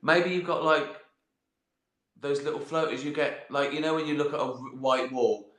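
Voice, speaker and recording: Guy rambling slow on a live stream, bright voice, echoey room, swears a lot. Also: fairly high pitch, steady tone. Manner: rambling, sweary, laughs at his own jokes. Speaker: host answering viewer questions. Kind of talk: casual live-stream chat.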